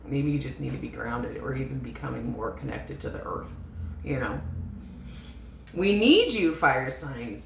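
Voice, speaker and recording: Tarot reader, woman, low voice, loose and chatty, echoey room. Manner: chatty and emotional, swears, laughs often. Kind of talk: casual tarot reading. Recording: echoey room with faint noise.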